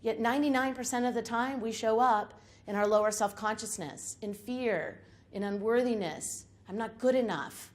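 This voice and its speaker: A woman's voice: a little high, normal speed, hardly any pauses. A woman speaker giving an inspirational talk to a live audience in a room, emphatic and uplifting, building her points through repeated lists. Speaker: public speaker.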